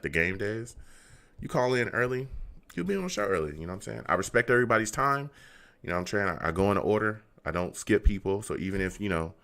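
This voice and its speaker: A man's voice: on the low side, a bit bright. A man hosting a casual call-in fan show, talking loosely, laughing often and sounding fed up with his team. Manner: laughs often, exasperated, repeats phrases. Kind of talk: casual livestream chat.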